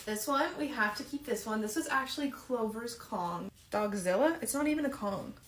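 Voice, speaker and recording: A woman's voice: fairly high pitch, normal speed, slight background noise. Chatty young woman in an echoey room. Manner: chatty, exasperated, lots of "like". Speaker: dog owner vlogger. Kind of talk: casual storytelling vlog.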